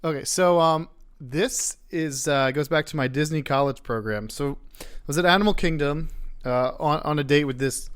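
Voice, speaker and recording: Rambling, slightly high-voiced young man. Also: moderate pace, fairly bright tone, clean tone. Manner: rambling, self-deprecating storyteller. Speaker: podcast guest. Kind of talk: casual podcast chat.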